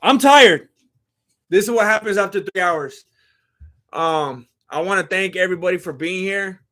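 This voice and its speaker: Chatty blunt guy on a live fight stream, highish bright voice. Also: moderate pace.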